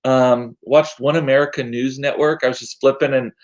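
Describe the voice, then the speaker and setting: A man's voice: medium pitch, fairly even intonation, moderate pace. Chatty man rambling. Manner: rambling, chatty, self-deprecating. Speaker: vlogger. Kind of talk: casual chat.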